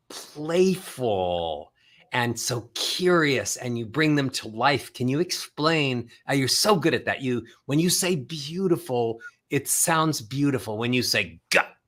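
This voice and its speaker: A man hosting an interview, enthusiastic and full of praise, pitching a book to viewers. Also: pushed and bright. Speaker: host.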